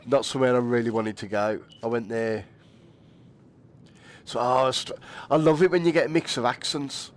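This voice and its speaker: A man's voice: mid-range voice, steady tone, normal speed. A man chatting casually to viewers while streaming a game, laughing often and swearing lightly. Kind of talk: casual live-stream chat.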